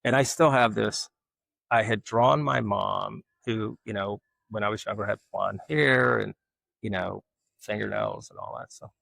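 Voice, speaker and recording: Man, lowish gravelly voice, lively anecdotal interview guest. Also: measured pace, dry recording. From Alabama, US. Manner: animated storyteller, acts out quoted voices. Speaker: guest, artist. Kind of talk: casual storytelling interview.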